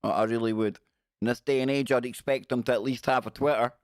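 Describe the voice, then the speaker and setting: A man's voice: medium pitch, fairly even intonation, quick pace, dry recording, studio quality. A man hosting a casual livestream, joking wryly and reading news passages aloud. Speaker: livestream host. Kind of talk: casual live-stream commentary.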